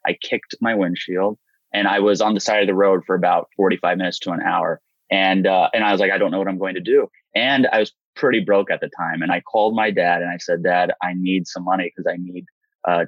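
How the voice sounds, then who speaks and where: A guest in his thirties tells a candid personal story during an interview, animatedly performing the voices of the people involved. His voice is low-pitched, with no echo and the high frequencies cut off.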